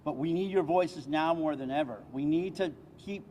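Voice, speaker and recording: A man's voice: on the high side, moderate pace, warm tone, a little hiss or hum. A man, a state senator, speaking with passion at an outdoor press conference. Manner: impassioned, emphatic public speaker.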